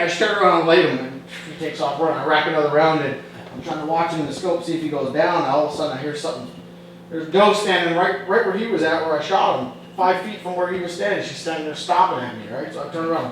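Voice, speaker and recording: A man's voice: fairly high pitch, fast. A man telling a hunting story with lots of laughter, acting out the voices of the people in it. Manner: lively, laughs often, acts out the voices in his story. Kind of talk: animated campfire-style storytelling. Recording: very echoey, distant mic, crowd.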